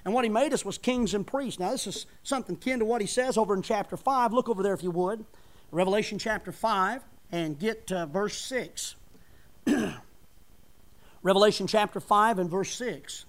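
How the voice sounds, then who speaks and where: Male preacher, high-pitched, fervent sermon cadence with loud emphatic peaks. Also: normal speed.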